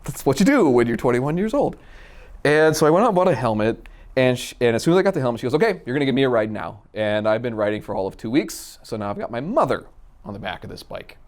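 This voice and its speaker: A man from Minnesota telling a personal story in a casual, animated way, acting out the dialogue. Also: mid-range voice, quick pace. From Minnesota, USA. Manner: animated, acts out quoted dialogue. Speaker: storyteller guest.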